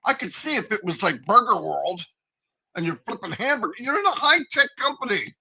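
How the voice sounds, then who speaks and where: A man's voice: sits high, very animated, fairly quick, creaky, pushed and bright, slightly rough. A man co-hosting a live company stream, giving rambling, folksy, preachy advice in a casual pep talk. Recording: dull lo-fi stream audio.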